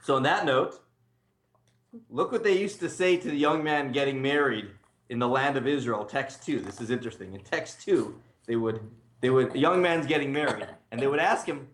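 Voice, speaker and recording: Joking rabbi in an echoey room. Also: male voice, medium pitch, moderate pace, fairly bright tone. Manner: joking, laughs often, asks students to read. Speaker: rabbi teaching a class. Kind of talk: casual lunchtime Torah class.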